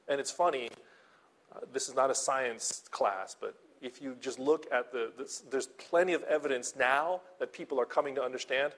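A man's voice: a little high, animated, normal speed, a bit bright. Conversational man preaching a sermon. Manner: conversational, checks in with "okay?" and "right?"; repeats and restarts words, laughs lightly. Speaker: pastor.

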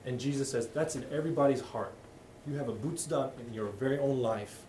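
A man's voice: medium pitch, brisk, a little mellow, slight background noise. A middle-aged man preaching a sermon as pastor, talking candidly and conversationally, often restarting his sentences. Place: church hall. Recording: echoey room, voice from a distance.

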